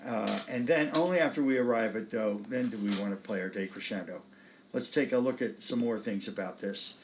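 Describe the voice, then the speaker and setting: Relaxed, encouraging male music teacher. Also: lowish voice, brisk, slight background noise. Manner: relaxed, encouraging, sings phrases on syllables. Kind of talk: talking students through sheet music.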